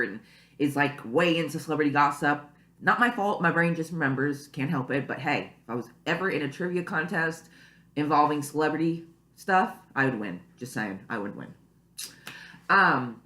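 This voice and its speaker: A woman's voice: low-pitched, a bit bright. A young woman vlogging casually to camera at home, rambling and chatty with lots of "you know" and "like". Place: at home, early morning. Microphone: camera mic. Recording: echoey room.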